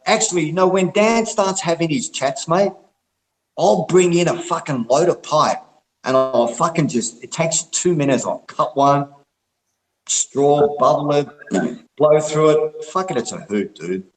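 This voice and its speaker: A relaxed man who rambles along in a casual group chat, and his voice sits a touch higher than most men's. He swears freely and calls everyone mate. The sound is echoey and roomy, as if he is talking in a bare room. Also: unhurried. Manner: rambling, laid-back, heavy swearing, calls people mate and brother.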